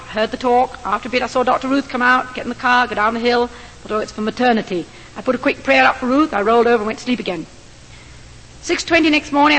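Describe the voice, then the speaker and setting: An older woman preaches in a high voice, telling her story with earnest, lively emphasis. Her words ring out with a long reverb, as if spoken in a large hall. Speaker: missionary doctor preaching. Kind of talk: sermon with storytelling.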